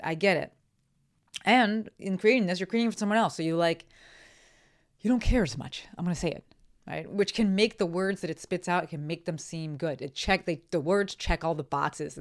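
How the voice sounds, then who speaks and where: A woman hosting her own podcast, talking alone in a casual, blunt way, swearing freely and often tossing in "right?" to check in with listeners. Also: fairly low pitch. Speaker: podcast host. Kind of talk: solo podcast monologue. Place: home office by a window.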